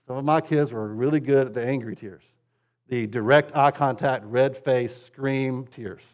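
A man's voice: medium pitch, normal speed, muffled recording. A pastor teaching parents in a casual, conversational way, with joking asides, who keeps checking in with his listeners.

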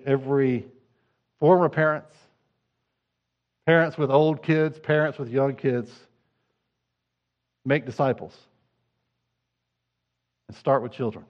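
A middle-aged male pastor delivers a sermon in a conversational way, dropping to quiet asides and rising to fervent appeals. His voice sits at an ordinary pitch for a man. The recording is dull and muffled. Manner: conversational, swings from hushed to fervent.

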